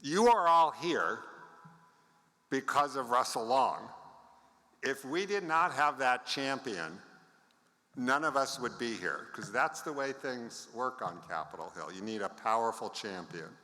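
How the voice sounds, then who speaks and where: A man's voice: mid-range voice, expressive, a little slow, sharp tone. A man in his seventies giving a conference talk, telling anecdotes with wry asides to the audience. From United States. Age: 70s. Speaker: conference speaker. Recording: long reverb of a large hall.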